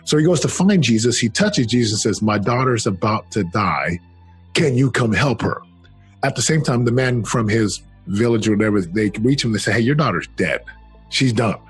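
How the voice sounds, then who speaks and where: A middle-aged man telling his life story in an interview, earnest and emphatic, slowing down on key phrases. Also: medium pitch, animated, husky, soft background music. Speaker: interview guest, former football player and speaker.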